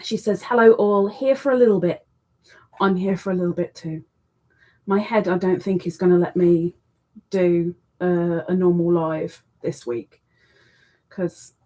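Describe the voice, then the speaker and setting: On a casual crochet livestream, a woman with a mellow, mid-range voice speaks a little slowly and expressively. She reads viewer messages aloud, chats with them and coos tenderly at her cat between greetings.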